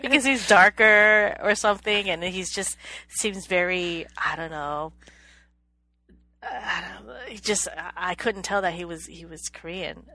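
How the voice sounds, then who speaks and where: A woman's voice: fairly low pitch, a little slow, bright, forceful tone. A woman co-hosting a podcast in casual chat, hesitant, often repeating words and laughing. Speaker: podcast co-host.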